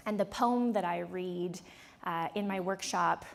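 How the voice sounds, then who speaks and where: In a conference room before a live audience, a woman in her thirties leads a workshop with a lowish, gravelly voice, speaking a touch slowly. She tells a chatty story, acting out the dialogue, laughing often and talking straight to the room.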